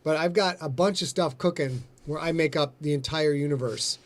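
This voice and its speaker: A man's voice: a little high, fairly quick. A man hosting a casual livestream chat, rambling and joking, a bit giddy and loopy. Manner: rambling, jokey, breaks into silly put-on voices. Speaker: host.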